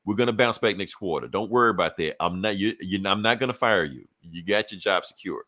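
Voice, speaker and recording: Podcast host, man, lowish voice, rambling, cussing, dry close mic. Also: sharp tone, no echo. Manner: profane, rambling retelling with quick voiced asides. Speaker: podcast co-host recapping a comic. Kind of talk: casual comic book recap chat.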